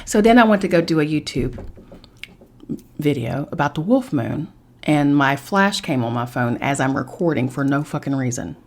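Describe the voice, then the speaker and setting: Low-pitched lady on her podcast, telling a wild story, animated, swears a lot. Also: moderate pace. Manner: animated, swearing, acts out voices of others. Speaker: podcast host. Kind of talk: casual storytelling monologue.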